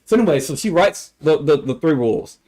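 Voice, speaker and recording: A man's voice: a little high, expressive, fairly quick, dark tone. A young man telling a rambling, profane story on a casual livestream, often exasperated.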